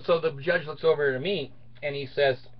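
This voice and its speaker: A man's voice: on the high side, fairly even intonation, moderate pace, dull audio. A middle-aged man casually telling a personal story, boastful and crude, often laughing as he talks.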